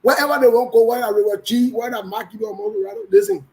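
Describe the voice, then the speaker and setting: A man's voice: very high-pitched, fast, rough recording. A man with a Liberian English accent hosting a live online show, greeting viewers by name in a loose, joking way. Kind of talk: casual livestream chat.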